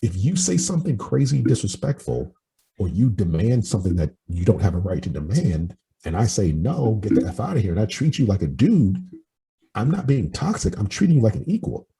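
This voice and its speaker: A man's voice: fairly low pitch, big pitch swings, brisk, creaky, warm tone, slightly rough, poor audio. A man in his forties talking bluntly in casual podcast chat, giving strong opinions with some swearing. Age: 40s. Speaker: podcast host and life coach.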